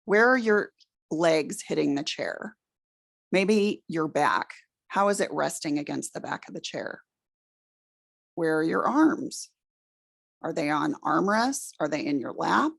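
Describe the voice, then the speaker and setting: Calm, slow woman with a gravelly voice. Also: fairly low pitch. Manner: slow, calm, soothing instructions. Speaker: speaker leading a guided exercise. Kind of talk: guided relaxation exercise. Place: presentation room with an audience.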